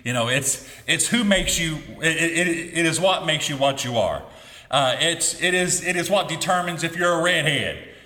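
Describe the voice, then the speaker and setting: A middle-aged male pastor preaching a sermon, his voice bright and lively as it climbs on the emphatic phrases. It is recorded in a roomy hall with a long reverb behind it. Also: on the high side. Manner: emphatic preaching with rising exclamations.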